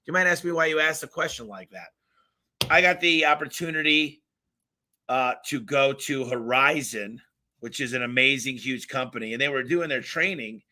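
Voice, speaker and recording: A man hosting a live question-and-answer stream, giving blunt, emphatic business advice and acting out little customer stories. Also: medium pitch. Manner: energetic, emphatic, blunt, with acted-out customer quotes; talks fast by his own account.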